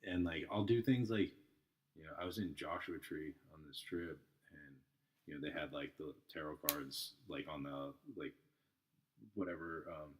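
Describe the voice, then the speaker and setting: A man's voice: extremely low pitch, moderate pace, background noise. A man chatting as a podcast guest, telling stories with many fillers and acting out the people he met. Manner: filler-heavy, animated, acts out people he talks about. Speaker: podcast guest, tarot reader. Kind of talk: casual storytelling chat.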